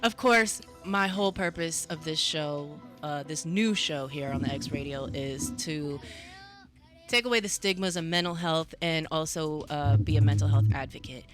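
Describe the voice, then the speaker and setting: A woman hosting a casual radio talk show about mental health, chatty and quick to laugh. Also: low voice, faint music behind.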